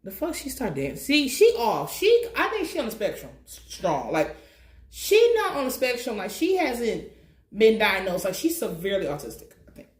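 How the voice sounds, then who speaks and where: A woman giving a casual, blunt and profane recap of a TV episode, telling it in an animated way. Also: a little high, moderate pace, roomy sound. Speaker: TV recap commentator.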